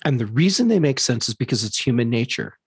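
A man co-hosting a casual panel discussion, giving measured, thoughtful analysis with some restarts. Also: mid-range voice, very animated, breathy edge, dry recording.

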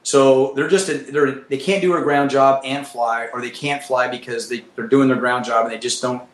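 A man telling a profane, animated story as a guest, a former Marine pilot. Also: mid-range voice, normal speed. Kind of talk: casual storytelling. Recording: roomy echo.

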